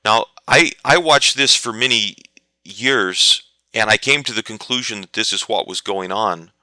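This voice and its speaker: A man's voice: on the low side, measured pace, pushed and bright, smooth, no room sound. A man teaching market trading in a live webinar, telling anecdotes and answering viewer questions. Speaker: trading educator.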